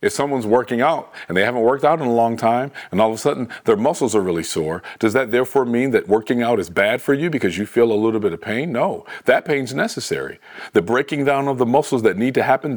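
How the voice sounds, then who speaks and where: A man with a medium-pitched voice preaches a sermon conversationally and with animation, frequently restarting what he's saying.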